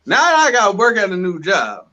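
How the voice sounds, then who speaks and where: Young guy co-host, bright high voice, goes all over the place, really emphatic. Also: fairly quick, muffled recording. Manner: animated, emphatic storytelling, addresses people directly. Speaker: podcast co-host. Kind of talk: casual chat.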